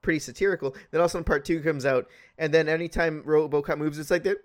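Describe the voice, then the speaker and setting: A man hosting a casual podcast chat, animated and swearing freely as he spins comic what-if scenarios. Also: fairly high pitch, quick pace. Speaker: podcast host.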